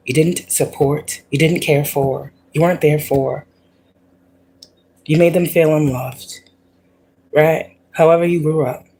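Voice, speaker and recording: A woman voicing God as he slowly and sternly scolds neglectful parents. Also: sits low, mellow, husky, exaggerated voice.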